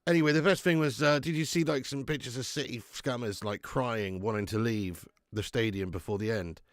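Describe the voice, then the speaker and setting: A man's voice: mid-range voice, a little fast, dry recording. A man hosting a live football watch-along, sick with flu, talking bluntly and swearing as he banters with viewers. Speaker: football fan channel host.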